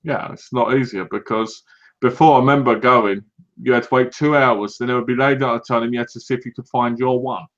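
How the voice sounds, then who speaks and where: A British man co-hosting a casual podcast, telling lively anecdotes and acting out what other people said. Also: medium pitch, brisk. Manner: animated anecdotes, acts out other people's lines. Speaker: podcast co-host. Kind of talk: casual chat, storytelling. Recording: dull lo-fi recording.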